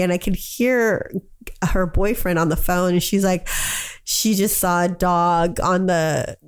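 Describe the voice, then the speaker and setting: A woman in her forties co-hosts a podcast in a slow, steady, clean-toned voice on the low side. She chats casually, telling stories and acting out the quotes.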